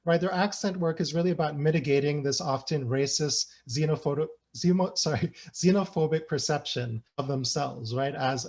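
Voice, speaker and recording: A man giving an academic lecture, casual and searching, with many fillers and tag questions. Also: on the high side. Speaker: guest lecturer. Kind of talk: academic talk.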